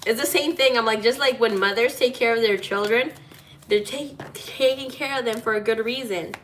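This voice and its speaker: A woman's voice: on the high side, moderate pace, a bit bright, a little hiss or hum. A woman giving a casual tarot reading, talking in a chatty, playful way, laughing often and swearing now and then. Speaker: tarot reader.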